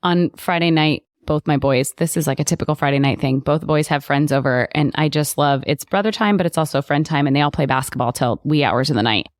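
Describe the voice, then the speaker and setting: Low-voiced woman podcast co-host. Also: a little fast, hardly any pauses, dry recording, clean studio sound. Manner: chatty and agreeable, builds on her co-host's points. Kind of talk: casual chat.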